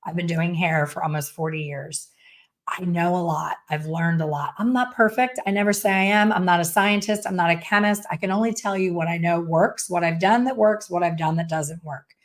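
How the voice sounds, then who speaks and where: A woman's voice: fairly low pitch, normal speed. A woman in her fifties hosting a live stream, talking in a blunt, chatty way with a sassy edge. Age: 50s. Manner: blunt, chatty, storytelling with sassy put-on voices. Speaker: hair color educator hosting a live stream. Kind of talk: casual live-stream chat.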